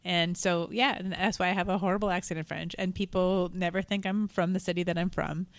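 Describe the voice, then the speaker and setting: A woman's voice: lowish voice, little pitch movement, a little fast, no echo. A young woman from Montreal, a guest on a podcast, chatting casually and filling her talk with "like". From Montreal, Canada. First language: Spanish and English. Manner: chatty, fillers like "like", laughs often.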